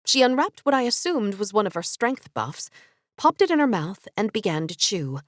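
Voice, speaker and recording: A woman narrating a fantasy audiobook in first person, expressive storytelling. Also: mid-range voice, moderate pace, no echo, clean studio sound.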